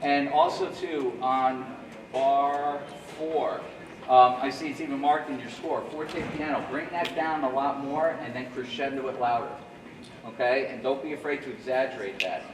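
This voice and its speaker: A man's voice: mid-range voice, steady tone, normal speed, distant mic. A man coaching a school jazz band, scatting rhythms to show phrasing and counting the players in. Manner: scats rhythms to demonstrate phrasing. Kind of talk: rehearsal coaching. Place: school rehearsal room or auditorium. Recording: echoey room, heard from afar, noisy.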